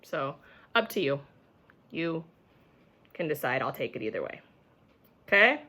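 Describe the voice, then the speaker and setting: Bright-voiced woman teaching children slowly. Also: sits low, sing-song. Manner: patient, sounds out words slowly. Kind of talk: remote phonics lesson for young children. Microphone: camera mic.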